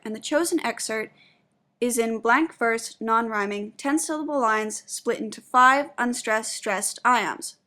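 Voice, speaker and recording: A young woman reading a spoken essay aloud in a measured, explanatory way, presenting her own analysis of poetry. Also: on the high side, fairly bright tone. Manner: measured and explanatory, stressing syllables when demonstrating meter.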